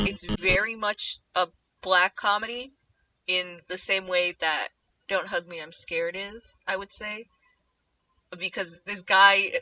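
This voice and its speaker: A young woman livestreaming while she animates, chatting casually in a rambling way and drifting into low muttering to herself as she draws. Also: pushed and bright, no echo, far from the mic. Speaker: streamer animating live. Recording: dull lo-fi mic set back from the speaker.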